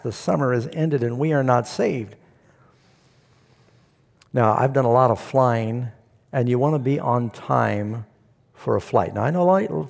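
A man preaching a sermon to a congregation, telling a story with animated asides. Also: on the high side, vocal fry. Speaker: pastor. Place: church hall before a congregation. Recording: long hall reverb.

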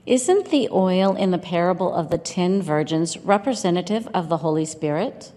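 A woman's voice: on the low side, expressive, moderate pace, warm tone, big-room sound. A woman reading listener questions to a pastor and answering with amens. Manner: reads questions, answers amen.

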